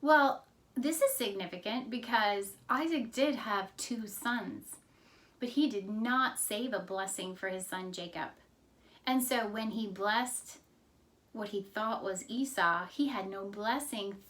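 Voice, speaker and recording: A woman Sunday school teacher narrating a Bible story in an expressive, storytelling way. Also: medium pitch, a little slow, recorded from a distance.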